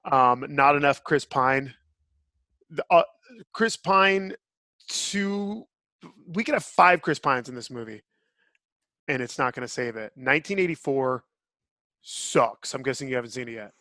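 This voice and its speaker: A man's voice: mid-range voice, lively intonation, measured pace, pauses often, sharp tone, no room sound, clean studio sound. A man hosting a podcast, giving blunt, opinionated reviews in casual chat. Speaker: podcast host.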